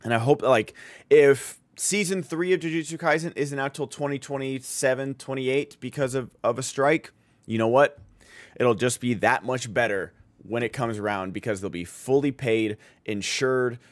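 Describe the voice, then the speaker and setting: A man's voice: mid-range voice, moderate pace, no room sound. A man streaming and chatting casually, enthusiastic and rambling, with lots of filler words. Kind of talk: casual chat.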